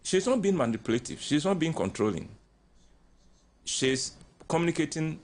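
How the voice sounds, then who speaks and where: Animated older Ghanaian man, lively pitch. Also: normal speed, pauses often. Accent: Ghanaian English. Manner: animated storyteller acting out quoted voices, chuckling often. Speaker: radio guest speaker. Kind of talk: relaxed counselling talk on a radio show.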